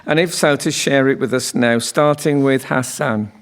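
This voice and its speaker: A man's voice: mid-range voice, moderate pace. A man hosting a comedy panel show, reading intros and trading dry asides with guests. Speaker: host. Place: TV studio before a live audience. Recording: studio audience laughter and noise.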